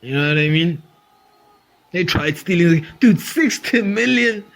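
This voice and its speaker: A man's voice: sits high, animated, measured pace, vocal fry. A man hosting a comedy podcast, riffing animatedly, swearing freely and laughing often. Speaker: podcast host. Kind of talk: comedic monologue.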